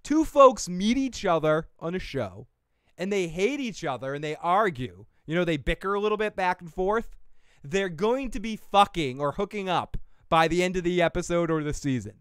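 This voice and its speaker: Brief: male streamer host, loose and profane, smooth clear voice on the higher side. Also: animated, normal speed, no room sound, studio quality. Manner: profane and rambling, laughing often. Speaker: show host. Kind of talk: casual livestream chat. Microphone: desk mic.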